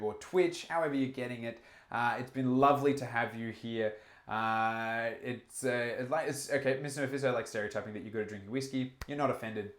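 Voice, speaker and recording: An Australian man hosts a casual live stream and answers his chat in loose, rambling talk. He jokes a lot and restarts his sentences with plenty of fillers. His mid-pitched voice rings in an echoey room. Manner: rambling, joking, many fillers and restarts, reads out chat comments. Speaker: livestream host.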